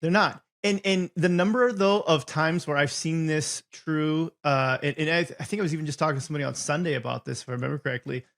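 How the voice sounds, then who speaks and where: A man's voice: a little high, fairly bright tone. A man hosting a podcast interview who asks long questions and restarts them as he goes. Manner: quick, gravelly, restarts his questions. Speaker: podcast host.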